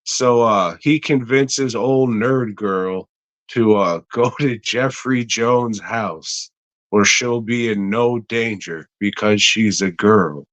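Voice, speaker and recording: A man's voice: fairly low pitch, slow, fairly bright tone. A man co-hosting a podcast, casually retelling a movie plot in a rambling, profane way with frequent laughs. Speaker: podcast co-host.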